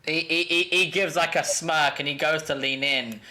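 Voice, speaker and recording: A man's voice: fairly high pitch, steady tone, normal speed, pushed and bright. A man narrating as game master of a tabletop game, rambling with frequent restarts.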